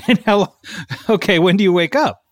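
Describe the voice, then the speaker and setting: A man co-hosting a podcast, talking in a casual comedic chat with deadpan jokes and playful mock questions. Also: sits high, dry recording, studio quality. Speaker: podcast co-host.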